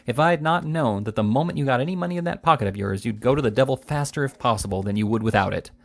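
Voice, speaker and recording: A man voicing a blunt, indignant older country gentleman. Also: mid-range voice, fast talker, gravelly, lightly acted.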